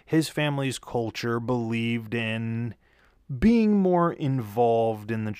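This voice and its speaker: With lively intonation and a slow pace, this man's mid-range voice is a little mellow, clear and resonant, captured dry in clean studio sound. He's tired from work and rambles through a profane casual story, correcting himself often, holding a studio mic with a pop filter.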